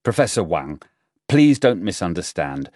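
A courteous, diplomatic army major, firm but polite, as a man reads him. Low voice, dry recording. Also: sing-song, a little slow, darkish tone, no room sound, full character voice.

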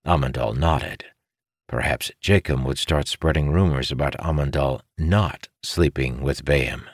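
A man narrating a fantasy audiobook in a steady, expressive reading. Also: a bass voice, a little slow, dry recording, studio quality.

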